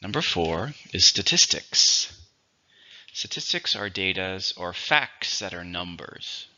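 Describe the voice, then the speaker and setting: A man teaching English vocabulary, dictating words slowly and clearly, with a patient teacher's manner. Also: deep voice, lively intonation, sharp tone, a little hiss or hum. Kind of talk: vocabulary lesson. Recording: dull lo-fi recording.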